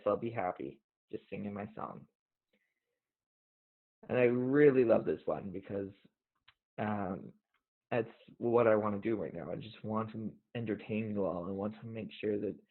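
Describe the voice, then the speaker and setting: A man hosting a show, talking casually in an earnest, reflective way and reading poems aloud, gently emotional. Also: on the low side. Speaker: podcast host. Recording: tinny phone-like audio.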